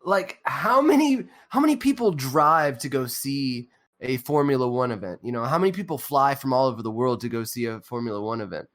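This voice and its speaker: A man's voice: mid-range voice, expressive, fairly quick, a bit bright. A man hosting a casual podcast, rambling and cursing, with lots of ums and uhs. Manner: rambling, profane, many fillers. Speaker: podcast host.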